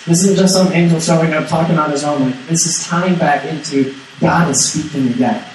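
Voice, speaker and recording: A man's voice: fairly high pitch, fairly quick, hardly any pauses. Man preaching in an echoey hall. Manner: casual, repeats words, acts out quotes. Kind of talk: sermon, conversational Bible teaching. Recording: echoey hall, distant mic, faint noise.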